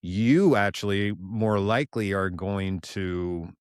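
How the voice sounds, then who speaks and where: Man, podcast host, very low voice, casual reflective talk, thinks aloud, dry close sound. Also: takes it slowly, smooth, no echo. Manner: thinks aloud with fillers, animated when quoting himself.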